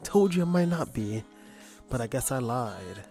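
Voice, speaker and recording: A man hosting a comedic podcast, hoarse with his voice nearly gone, joking and self-mocking. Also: medium pitch, sing-song, unhurried, music in the background. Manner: jokey, playful, self-mocking. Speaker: podcast host.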